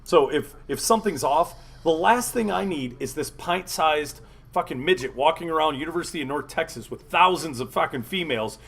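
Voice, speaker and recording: A man's voice: on the high side, lively intonation, brisk, creaky, fairly bright tone, slightly rough. A man in his forties on a podcast, talking bluntly and profanely in a joking way. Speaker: podcast co-host. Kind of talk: crude storytelling chat.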